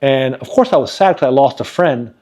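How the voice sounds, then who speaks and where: A man's voice: medium pitch, expressive, brisk, a little mellow. A man co-hosting a podcast, telling personal stories in an earnest, motivational way. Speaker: podcast co-host. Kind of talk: casual podcast chat.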